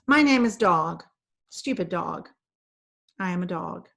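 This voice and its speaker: A woman's voice: on the low side, animated, takes it slowly, gravelly, fairly bright tone, exaggerated voice. A woman reading aloud, voicing an eager, simple-minded male stray dog who talks in short, earnest sentences.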